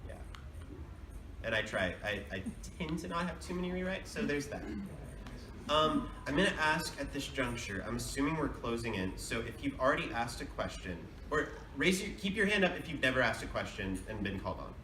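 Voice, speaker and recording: A man's voice: mid-range voice, sing-song, fairly quick. Chatty man answering fans in an echoey hall. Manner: chatty, rambling, laughs often. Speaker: voice actor panelist. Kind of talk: casual convention Q&A answers. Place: large convention hall. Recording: echoey hall, distant mic, noisy.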